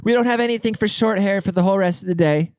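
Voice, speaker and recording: A man's voice: high voice, fast talker, darkish tone, clear, resonant tone, dry recording, voice pushed up, natural voice. A man putting on the voice of a curt, rude young woman working at a barbershop. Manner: brusque, rude.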